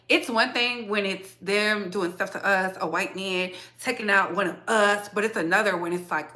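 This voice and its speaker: Woman, Southern US accent, show host, casual commentary, opinionated and slangy, bright voice. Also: medium pitch. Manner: animated, opinionated, slangy, talks to her audience.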